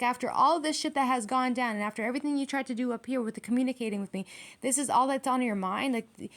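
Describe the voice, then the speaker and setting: A woman gives a casual tarot reading in a slightly high voice. She talks bluntly, swears freely and keeps asking emphatic rhetorical questions. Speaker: tarot reader.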